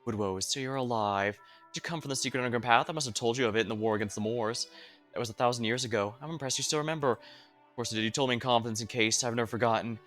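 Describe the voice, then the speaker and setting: A man playing a furious fairy lord of a fanged clan, bellowing in a fast, driven rush over soft game music. He is loyal to the bone and betrayed, and he sounds it. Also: medium pitch, lightly acted. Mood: pleading. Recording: faint game music behind.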